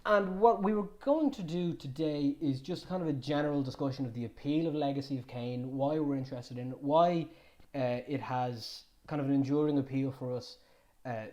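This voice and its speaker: A man's voice: a little high, normal speed, dark tone, highs cut off. A man in his twenties hosting a casual podcast chat, full of teasing banter. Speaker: podcast host.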